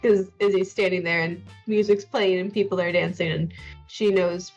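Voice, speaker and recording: A woman's voice: fairly low pitch, fairly even intonation, normal speed, a little mellow, soft background music. Chatty woman player on a lo-fi mic. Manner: chatty, hesitant, lots of likes. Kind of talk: casual chat and in-character narration.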